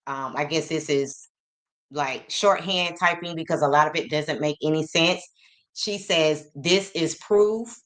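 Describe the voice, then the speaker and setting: A woman hosting a casual livestream, greeting her chat by name and reading messages aloud slowly. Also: low-pitched, fairly bright tone. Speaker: livestream host.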